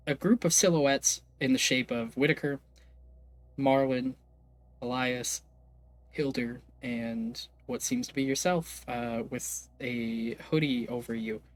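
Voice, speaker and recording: Game master, male, casual narrator, fillers and restarts, mid pitch. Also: fairly even intonation, measured pace. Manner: hesitant, lots of fillers, casual swearing.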